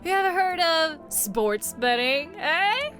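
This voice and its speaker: A woman's voice: very high voice, sing-song, slow pace, a bit bright, voice pushed up, full character voice. A woman voicing a crude, boastful male gambler who swaggers and calls everyone bro. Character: brash loudmouth male gambler, boastful swindler. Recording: game music behind.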